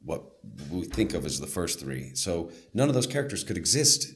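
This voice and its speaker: Deep-voiced man telling stories. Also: normal speed. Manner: animated, acts out voices in anecdotes. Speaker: actor, interview guest. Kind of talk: casual storytelling interview.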